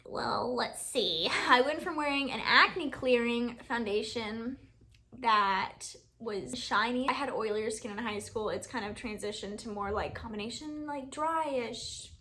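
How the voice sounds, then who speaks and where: A woman's voice: fairly high pitch, a little slow, pushed and bright, a little hiss or hum. A woman in her twenties from Alabama, chatting casually and rambling through a Q&A vlog, laughing often. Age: 20s. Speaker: beauty YouTuber.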